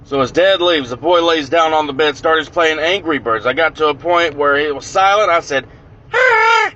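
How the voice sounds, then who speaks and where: Dude telling a prank story, lots of cussing, sharp bright voice, muffled audio, faint traffic noise. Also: male voice, a little high, moderate pace. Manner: animated, profane, punchy storytelling.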